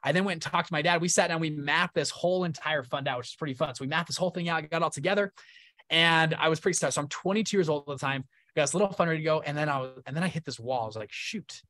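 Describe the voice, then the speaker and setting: A man's voice: fairly high pitch, very fast, sharp tone, no echo. A young man giving a casual, upbeat live online lesson, often checking in with his audience. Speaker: webinar presenter. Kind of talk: live online teaching talk.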